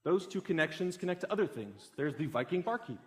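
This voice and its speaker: A young man giving a public talk, telling a story with growing excitement. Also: a little high, a little fast. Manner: animated, builds excitement through a story.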